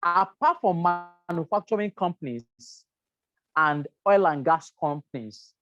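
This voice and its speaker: A woman's voice: fairly low pitch, expressive, measured pace, a bit bright, no room sound, muffled recording, faint music behind. A woman teaching a health and safety class, stressing key words, repeating herself and checking in with "right?". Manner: emphatic, repeats words, asks "right?" often. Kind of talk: lecture to a class.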